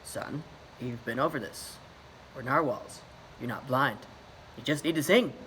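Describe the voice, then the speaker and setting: A man voicing a firm, loving mother narwhal in a picture book story, speaking in a calm, coaxing way. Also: medium pitch, measured pace, a little hiss or hum, poor audio.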